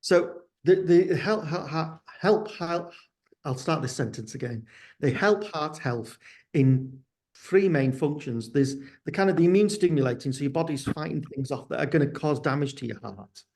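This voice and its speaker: A man's voice: a little high, normal speed, gravelly, darkish tone. A sounding man answering interview questions, hesitant and candid, often restarting his sentences. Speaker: guest, company founder.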